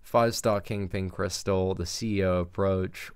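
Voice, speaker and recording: A man chatting excitedly and casually on a live game stream. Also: low-pitched, unhurried, smooth, soft background music.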